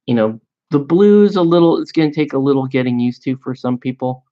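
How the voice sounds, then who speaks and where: A man's voice: mid-range voice, animated. A man chatting casually and rambling with amusement as he paints miniatures at his hobby desk. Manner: slow, rambling, self-amused. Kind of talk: casual chat while painting. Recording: dull lo-fi sound.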